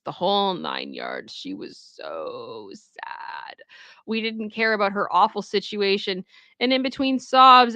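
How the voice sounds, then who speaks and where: A woman streamer reading a story aloud for the first time and breaking in with animated, exclaiming reactions. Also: on the high side, measured pace, no room sound, highs cut off. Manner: animated, exclaiming reactions between read passages.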